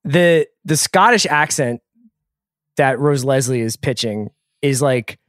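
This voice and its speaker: A man's voice: medium pitch, takes it slowly, fairly bright tone, no echo. A man co-hosting a pop-culture podcast, chatting casually and jokily with plenty of filler words. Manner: jokey, rambling with filler words. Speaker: podcast co-host.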